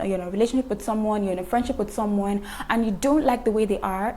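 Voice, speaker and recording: A woman's voice: mid-range voice, dark tone. Chatty woman vlogger, emphatic repeats. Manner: chatty, repeats words for emphasis, laughs at own jokes. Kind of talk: casual chat to camera.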